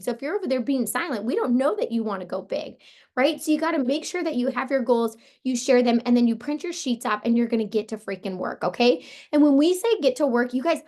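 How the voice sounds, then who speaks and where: Woman, hoarse voice, high-pitched, upbeat team coach, chatty. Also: darkish tone. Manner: upbeat, casual, says "like" and "you guys" a lot. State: hoarse, voice partly lost. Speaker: team leader coaching sellers. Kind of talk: motivational team call.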